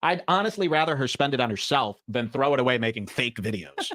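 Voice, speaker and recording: A man hosting a podcast, giving sarcastic, mocking commentary over clips he plays and telling animated stories. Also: medium pitch, brisk. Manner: sarcastic, mimicking, animated storytelling. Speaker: podcast host.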